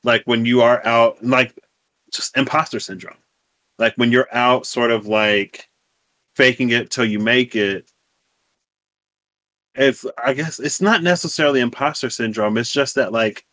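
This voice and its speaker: A man with a bright, forceful voice, co-hosting a relaxed conversation. He talks in an animated, playful way, full of slang and easy laughter. The sound is dry and close. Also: medium pitch, measured pace, pauses often, no echo. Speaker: podcast co-host. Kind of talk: casual chat.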